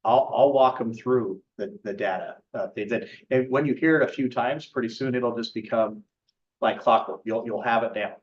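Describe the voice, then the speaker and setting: Blunt, brash loan officer. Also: male voice, mid-range voice, normal speed. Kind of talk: casual sales talk to a meeting. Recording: muffled lo-fi sound.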